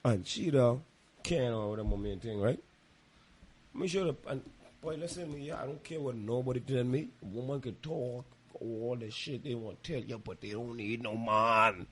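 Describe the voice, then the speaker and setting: A man's voice: medium pitch, normal speed, breathy edge. A man co-hosting a casual podcast chat, laying out his views in an emphatic, lecturing way and repeating his points. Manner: calls listeners "boy". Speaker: podcast co-host.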